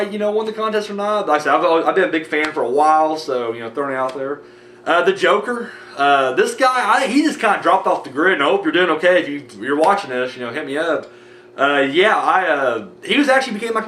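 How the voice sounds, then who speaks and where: A man's voice: on the high side, a bit bright, roomy sound, a little hiss or hum. An American man rambling casually with many fillers while thanking his viewers in a vlog. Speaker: movie review vlogger.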